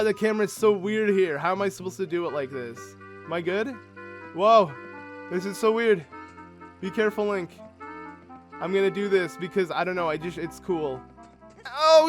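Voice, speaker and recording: Friendly, chatty male gamer host, a bit high-pitched, rambling commentary over soft game music. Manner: chatty, rambling, self-correcting, talks to viewers as friends. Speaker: let's play host. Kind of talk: casual gameplay commentary.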